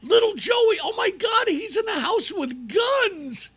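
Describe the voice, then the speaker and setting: A man voicing a hysterical, panicky parent in a shrill, frantic voice. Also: sing-song, takes it slowly, fairly bright tone, raised voice, heavily acted. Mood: panicked. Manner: shrieking, frantic.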